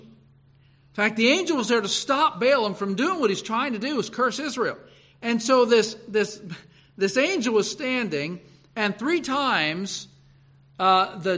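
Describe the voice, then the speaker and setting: Male preacher, storytelling sermon, high lively voice that swings up and down. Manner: animated, repeats himself and restarts, chuckles.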